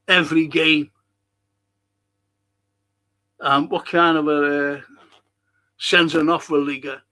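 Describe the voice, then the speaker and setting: An older man hosts a live stream and reads out viewer comments. He talks in a rambling, heated way, swears often, and sits a bit higher in pitch than most men. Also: flat delivery, slow, bright, forceful tone. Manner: passionate, rambling, swears freely. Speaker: podcast host.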